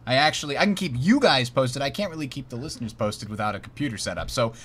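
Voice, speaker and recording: A man hosting a podcast in casual chat, animated and jokey. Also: mid-range voice, fast talker, a little hiss or hum. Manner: animated, laughs often, jokey. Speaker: podcast host.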